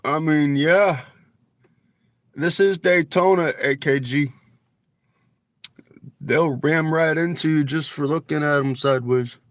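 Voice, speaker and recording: A relaxed man talks to his livestream chat from his phone, pitched a touch high. He takes his time, drawling along and cracking jokes with a loose, profane ease. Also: takes it slowly, long pauses, dry recording. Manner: laid-back, joking, swears freely, talks to chat. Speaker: livestream host. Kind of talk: casual livestream chat with viewers. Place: outdoors at night near a store parking lot. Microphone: phone camera.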